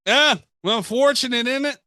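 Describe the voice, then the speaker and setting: A man hosting a podcast in casual banter, animated and teasing, quick to laugh. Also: very high voice, dry recording, clean studio sound. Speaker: podcast host.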